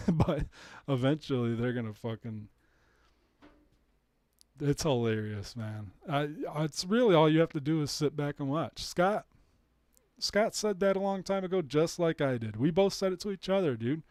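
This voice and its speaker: A man's voice: on the high side, moderate pace, darkish tone, no echo. Blunt, profane man ranting on stream. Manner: profane, blunt, laughing asides. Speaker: live streamer. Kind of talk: casual ranting live stream.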